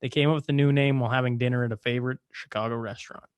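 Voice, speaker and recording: A man's voice: mid-range voice, steady tone, rapid-fire, clear, resonant tone, no room sound. A man hosting a podcast, chatting casually and reading articles aloud to his guest. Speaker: podcast host. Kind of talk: casual chat.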